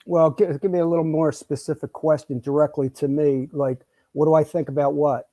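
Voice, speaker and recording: Fairly quick and a little high, with little pitch movement, this mellow voice comes across with no room sound. He's a co-host on a recovery podcast, and in the casual talk he drives his points home emphatically, repeating himself and cutting in on others.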